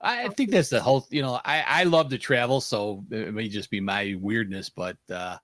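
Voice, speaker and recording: A man's voice: fairly low pitch, normal speed, no echo. A man from the United States hosting a casual panel podcast, telling stories and acting out quoted lines. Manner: animated storyteller, acts out quotes. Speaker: podcast host.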